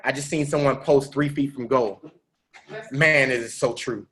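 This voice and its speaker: A man giving a motivational talk on a business webinar, preaching, repeating phrases and rising to shouts. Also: medium pitch, fairly even intonation, moderate pace. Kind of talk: motivational speech with storytelling.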